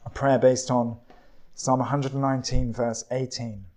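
A man preaching a sermon, telling a story and reading scripture in a measured, deliberate way. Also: mid-range voice, flat delivery, a little mellow.

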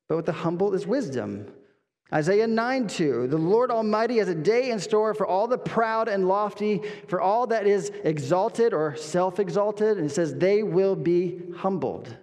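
A man's voice: sits high, a little mellow. Guy pastor preaching, emphatic, repeats himself, asks the crowd questions, echoey hall. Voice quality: earnest, emphatic, with repetitions and rhetorical questions. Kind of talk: expository sermon. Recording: long reverb of a hall.

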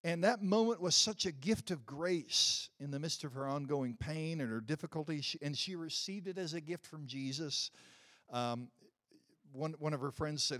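Brief: male pastor, fairly high voice, casual storytelling sermon with emphatic peaks. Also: normal speed, a bit bright. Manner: conversational, self-deprecating, builds to emphatic peaks.

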